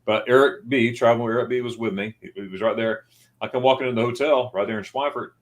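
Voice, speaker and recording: A man's voice: medium pitch, fairly even intonation, quick pace. A man hosting a travel livestream, chatting casually and rambling through anecdotes over a video call. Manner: rambling storyteller, acts out quoted voices. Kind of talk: casual chat.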